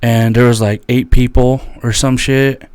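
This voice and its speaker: A man's voice: little pitch movement, measured pace, darkish tone, clean tone, no echo. A young man co-hosting a podcast, telling stories casually with plenty of swearing and acting out what friends said. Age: young adult. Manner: loose, swearing storyteller who acts out quoted friends in a higher voice. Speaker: podcast co-host. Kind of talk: casual chat.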